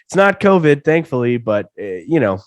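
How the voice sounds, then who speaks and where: A man's voice: fairly high pitch, sing-song, normal speed, no room sound. A young man in his twenties from Alabama, a comedian guest on a casual interview, feeling sick and often stammering over restarts. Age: 20s. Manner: stammering restarts, repeats words.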